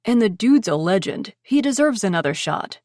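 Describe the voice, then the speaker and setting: A woman's voice: mid-range voice, very animated, moderate pace, darkish tone, no room sound, clean studio sound, close to an everyday voice. A woman voicing a cocky, sleazy male sports reporter in an audiobook. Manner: cocky, dismissive.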